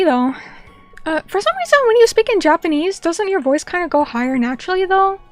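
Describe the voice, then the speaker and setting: High-voiced young woman streamer. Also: big pitch swings, brisk, soft background music. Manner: rambling, many filler likes and restarts. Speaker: streamer reading chat. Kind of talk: casual chat stream.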